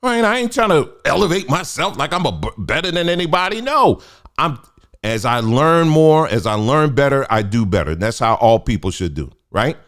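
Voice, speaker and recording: A middle-aged man, hosting a casual livestream and talking in an animated, preachy, colloquial way. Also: medium pitch, normal speed. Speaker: host.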